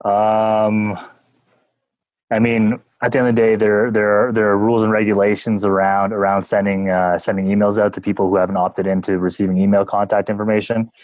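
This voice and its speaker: A Canadian man, a sales manager, talking casually as a podcast guest, relaxed and quick to laugh. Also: on the low side, no room sound, poor audio. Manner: relaxed and talkative, laughs easily, jokes about himself.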